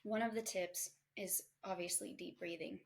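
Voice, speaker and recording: A woman's voice: on the low side, steady tone, normal speed, vocal fry. A woman hosting a podcast, talking in a candid, conversational and self-reflective way about parenting in a casual self-help monologue. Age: adult mother. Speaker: podcast host.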